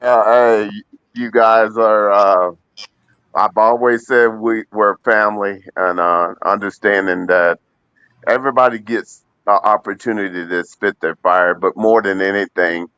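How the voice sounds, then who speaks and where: A man co-hosting a football talk show, speaking in a measured way with preacher-like phrasing. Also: lowish voice, a bit bright, clear, resonant tone, no echo, highs cut off. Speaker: co-host. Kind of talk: casual panel chat.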